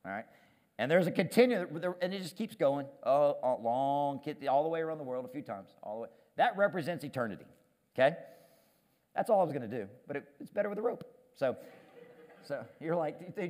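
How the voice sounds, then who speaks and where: A man preaching a sermon on stage as pastor, animated and self-deprecating, often repeating words as he gets going. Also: high-pitched, long reverb tail. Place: church stage.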